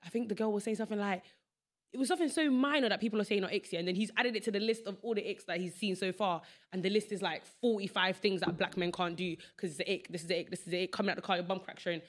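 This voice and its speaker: Fast-talking young woman host. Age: young adult. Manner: animated, laughing, acts out quotes in a higher voice. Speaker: podcast host. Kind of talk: casual chat.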